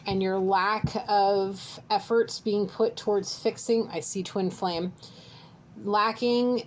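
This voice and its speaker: Speaking slowly with fairly even intonation in a mid-range voice, a woman psychic reads a channeled message straight to her viewer. She's earnest and direct and keeps asking "okay?". There's slight background noise, and the recording is rough.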